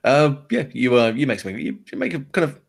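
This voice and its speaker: A man's voice: mid-range voice, very animated, quick pace, creaky. A man narrating a tabletop game as game master, loose and rambling. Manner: loose, rambling, full of fillers and restarts.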